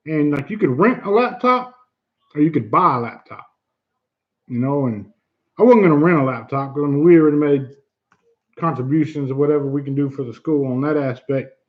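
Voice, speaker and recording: A man's voice: a little high, fairly quick, dull audio. A man hosting a casual livestream chat, earnest and blunt, who swears easily and repeats himself for emphasis. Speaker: livestream host.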